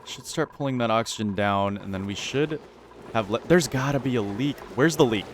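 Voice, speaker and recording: A man's voice: medium pitch, moderate pace. Male gameplay commentator, anxious, repeats himself, faint hiss behind. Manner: anxious, talks to his characters, repeats lines. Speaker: gaming YouTuber.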